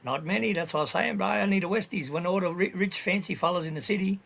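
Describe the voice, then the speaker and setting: A man's voice: high-pitched, fast talker, vocal fry, fairly bright tone. An Australian man in casual voice chat, talking bluntly with slang and heavy swearing. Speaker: livestream voice chat participant.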